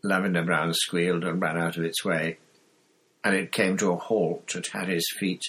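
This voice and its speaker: Deep husky guy slowly reading a story out loud. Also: flat delivery, poor audio. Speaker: audiobook narrator.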